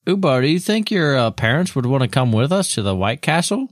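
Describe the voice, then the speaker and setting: A man's voice: medium pitch, sing-song, a little fast. A man playing a tabletop game, casual and joking. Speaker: player.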